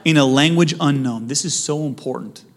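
A young man preaching a sermon to his church, conversational and joking, with sudden loud emphasis. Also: a little high, a little fast. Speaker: pastor. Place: church hall.

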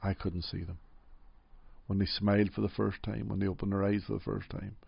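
A middle-aged man from Northern Ireland with a Derry accent, telling his life story gently and reflectively in an interview, often saying "you know". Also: lowish voice, level tone, fairly quick, vocal fry, husky, no echo, dull audio. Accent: Derry, Northern Irish. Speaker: interview guest.

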